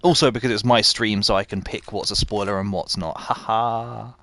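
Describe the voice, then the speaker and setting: A man with a slightly low, somewhat bright voice talks a little fast, recorded with no room sound. While streaming a game live, he keeps up a chatty flow, reading and replying to his viewers.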